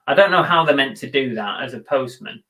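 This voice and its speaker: This English co-host of a live reselling show keeps things casual on the stream, joking at his own expense and occasionally cursing. He speaks at a medium pitch, fairly quickly, with an expressive delivery and a sharp tone.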